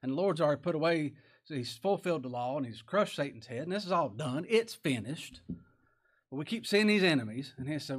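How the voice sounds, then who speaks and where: A man preaching a sermon in a folksy, conversational way, breaking into loud rhetorical questions and dropping into soft prayer. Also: a little high, expressive, fairly quick. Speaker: pastor.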